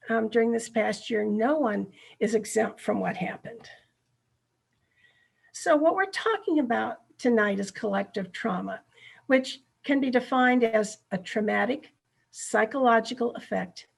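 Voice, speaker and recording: A woman's voice: medium pitch, gravelly, slightly rough. A middle-aged woman presenting a ministry workshop over a video call, speaking earnestly and checking in with her listeners.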